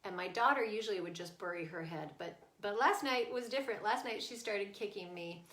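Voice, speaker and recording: Bright-voiced woman coaching parents. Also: medium pitch, a little fast. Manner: earnest, explaining, checks in with "right?". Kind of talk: casual teaching talk. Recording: echoey room.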